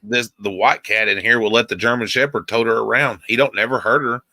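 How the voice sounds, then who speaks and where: A man co-hosting a casual livestream chat, easygoing and drawling, cooing softly to his dog now and then. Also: mid-range voice, steady tone, fairly quick, no room sound. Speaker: livestream co-host.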